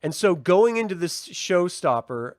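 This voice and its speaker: A man co-hosting a casual review chat, animated and swearing, laughing often and slipping into mocking voices. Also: high-pitched, measured pace, dry recording, studio quality. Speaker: podcast co-host.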